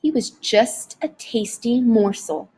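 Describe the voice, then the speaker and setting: A woman narrating a novel chapter aloud in a dramatic, expressive audiobook reading. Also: fairly high pitch, takes it slowly, slightly rough. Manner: dramatic, varied storytelling delivery.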